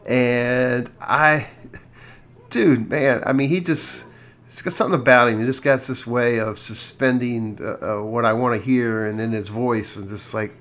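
Rambling, halting male radio host. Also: mid-range voice, steady tone, fairly bright tone. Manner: rambling, halting, with many restarts and fillers. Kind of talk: casual radio chat and storytelling.

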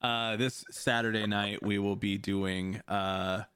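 A man's voice: fairly low pitch, level tone, slow pace, fairly bright tone, smooth, no room sound, studio quality. A man hosting a podcast in casual chat, rambling loosely, laughing often and swearing. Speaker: podcast host. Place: home streaming setup.

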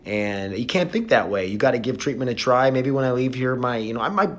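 A man's voice: mid-range voice, lively intonation, fairly quick. A man hosts his podcast alone, speaking into his phone from a treatment facility. His mid-range voice is candid and emotional, and his delivery rambles through restarts and fillers. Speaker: podcast host. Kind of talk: casual solo podcast talk. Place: residential treatment facility, indoors.

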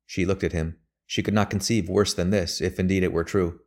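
Deep-voiced man reading a novel. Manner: steady, measured reading. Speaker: narrator. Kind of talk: audiobook narration of a period novel.

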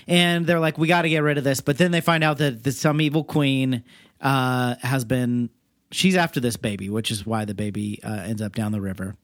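A man's voice: medium pitch, steady tone, normal speed, dry recording, studio quality. A man co-hosting a podcast, recapping a film in a hesitant, rambling way full of fillers. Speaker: podcast co-host. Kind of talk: casual chat recapping a film.

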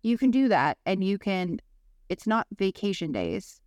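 Animated young woman telling stories. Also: medium pitch, a little slow, no room sound, clean studio sound. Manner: lively, swears freely, acts out quoted voices. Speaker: podcast co-host. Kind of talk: casual storytelling chat.

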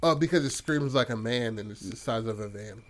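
A podcast host with a medium-pitched, slightly bright voice tells an improvised story casually and a little fast. He rambles and swears a lot, with many fillers and restarts along the way.

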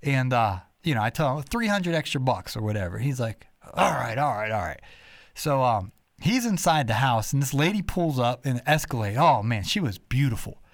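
A man hosting a podcast, telling rambling, animated stories full of quoted voices. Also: mid-range voice, normal speed, dry recording, clean studio sound. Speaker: podcast host. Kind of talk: casual storytelling chat.

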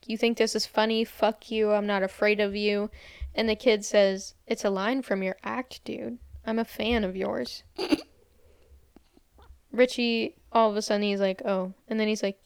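A young woman with a smooth, medium-pitched voice casually retells a movie's scenes as a podcast co-host. She quotes the characters and says "like" a lot. The recording is studio quality, without any room sound.

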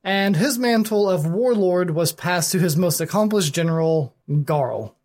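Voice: medium pitch, expressive, a little slow, a little mellow. A podcast host casually retelling the history of a fantasy world, loose and chatty, with fillers and the odd swear. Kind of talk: casual chat, storytelling.

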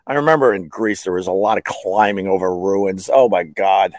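A man's voice: sits low, moderate pace, no room sound. A middle-aged man hosting a podcast, rambling through his own stories, swearing and laughing at himself. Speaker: podcast host, former radio host. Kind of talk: rambling solo storytelling.

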